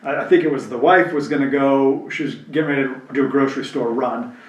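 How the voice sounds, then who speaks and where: A man's voice: medium pitch, fast, lo-fi sound. Reflective man, roomy distant sound. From New Jersey. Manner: candid, reflective, acts out quoted voices. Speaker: podcast co-host. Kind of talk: casual chat. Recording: roomy, mic set back.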